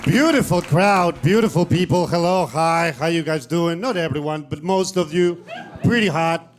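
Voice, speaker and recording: A young man from Uruguay performing deadpan stand-up with slides, his voice sitting a little high. He stumbles through uhs in a flat, halting way. Laughter rises from a live audience around him. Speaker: stand-up comedian. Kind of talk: comic PowerPoint presentation. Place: comedy venue with live audience.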